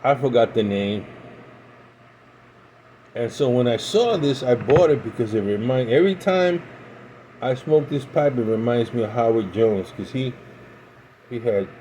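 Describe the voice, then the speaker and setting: A middle-aged American man tells a personal story in a loose, casual way, often stopping and restarting his sentences. His voice sits at a mid pitch. A faint noise hums behind him. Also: animated, warm tone, rough recording. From United States. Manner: rambling, halting with restarts. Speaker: pipe-smoking vlogger.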